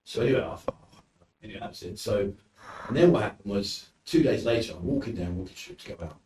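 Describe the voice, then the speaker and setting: Fairly low in pitch and quick, a British man from the UK tells casual stories on a podcast, acting out quotes with animation. The distant mic gives a roomy, off-mic sound and some faint noise.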